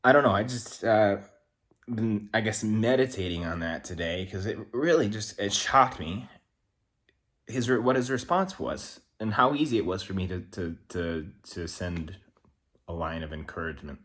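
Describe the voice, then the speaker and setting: A man with a very low voice talks to the camera in a loose, rambling monologue. He is candid and swears freely as he thinks aloud. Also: lively intonation, normal speed, a bit bright. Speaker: vlogger. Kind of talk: casual reflective monologue.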